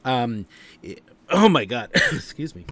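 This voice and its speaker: A man's voice: mid-range voice, big pitch swings, a little slow, a bit bright, no echo. A man with a cold and a nasal voice, hosting a live stream in a rambling casual way with many fillers.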